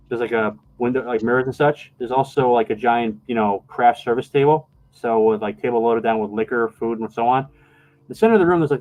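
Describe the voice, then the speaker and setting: A man's voice: mid-range voice, phone-quality sound. A man narrating a tabletop game as game master, rambling and restarting his sentences often. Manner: rambling, halting with many restarts.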